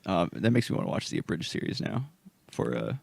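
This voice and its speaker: A man co-hosting a podcast who mostly reacts briefly, with a gravelly, husky voice. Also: lowish voice, brisk, a little mellow, dry recording. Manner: short reactions and backchannels. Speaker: podcast co-host. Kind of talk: casual podcast chat.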